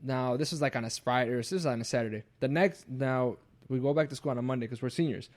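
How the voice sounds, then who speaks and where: A young male podcast host with a fast, medium-pitched voice casually narrates a ghost story. He swears often and gets animated while voicing his friends' quotes.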